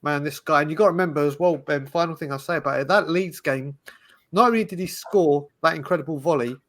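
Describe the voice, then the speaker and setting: A man in casual chat, telling animated stories with frequent restarts. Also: on the high side, fast talker. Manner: animated, storytelling, restarts often. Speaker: podcast panelist.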